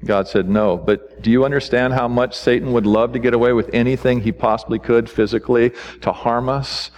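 Preaching man in a reverberant hall. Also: mid-range voice. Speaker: pastor. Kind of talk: sermon. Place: church sanctuary.

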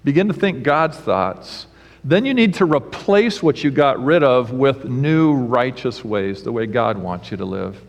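A man's voice: medium pitch, lively intonation, unhurried, creaky. A man preaching a sermon as pastor, telling a humorous story and then teaching, in a preacherly storytelling manner. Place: church sanctuary. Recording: church sanctuary with long reverb.

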